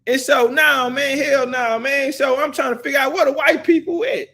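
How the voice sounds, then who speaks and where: A man's voice: very high-pitched, steady tone, normal speed, vocal fry, sharp tone. A male show host in a heated debate, arguing hard, talking over his guest in slangy speech. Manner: argumentative, talks over the other man, slangy.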